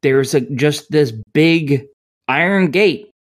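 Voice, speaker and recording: A woman's voice: deep voice, takes it slowly. A woman co-hosting a podcast, reviewing a video game in casual chat with a rambling, profane, sardonic way of talking.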